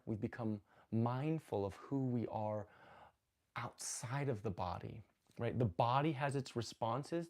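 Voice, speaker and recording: Man, live-stream spiritual talk, mellow low-toned voice, rambling and earnest, phone mic. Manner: rambling, self-correcting, earnest and animated. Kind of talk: casual live-stream teaching.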